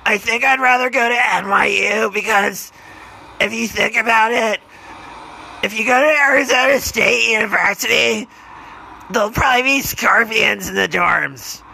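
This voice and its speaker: A man's voice: high voice, normal speed, vocal fry, pushed and bright, a little hiss or hum, exaggerated voice, low-quality recording. A man voicing an unemployed, broke male scorpion who rants in a rambling, sweary way. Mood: aggrieved.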